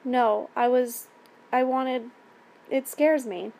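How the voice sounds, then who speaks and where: A woman voicing a frightened young woman in a spoken story, pleading in halting, stammering phrases. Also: high voice, fairly even intonation, gravelly, mellow, exaggerated voice.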